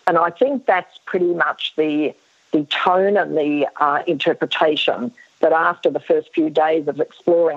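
An Australian woman historian, losing her voice, is a guest on a radio interview conducted over a tinny phone line. Her low, husky voice keeps fairly even intonation at a normal speed. She speaks emphatically, with many fillers and frequent restarts of her sentences.

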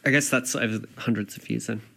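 Male co-host, tentative and musing, sharp tone with a bit of fry. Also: medium pitch, steady tone, fast. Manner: tentative, thinking aloud. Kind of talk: casual radio chat.

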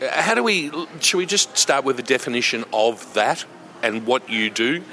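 A man's voice: mid-range voice, sing-song, moderate pace, pushed and bright, slight background noise. An Australian man hosting a community radio show, chatty and enthusiastic, with lots of fillers.

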